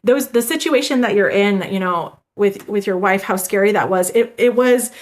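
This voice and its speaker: A woman's voice: medium pitch, normal speed. Woman, emergency doctor, chatty, lots of fillers and restarts, video call interview. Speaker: emergency physician and author, guest. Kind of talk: casual interview chat.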